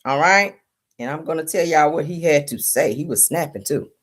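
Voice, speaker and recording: A woman's voice: low-pitched, normal speed. A woman hosting a casual celebrity gossip show in a sassy, chatty way, calling her listeners honey and child, still sleepy from just waking up. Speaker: host.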